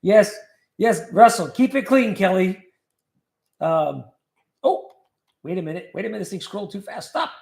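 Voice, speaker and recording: A man's voice: sits high, expressive, normal speed, gravelly, pauses often, a little mellow, reverberant. A man hosting a casual livestream, reading viewer comments aloud and joking about them. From California. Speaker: livestream host reading chat.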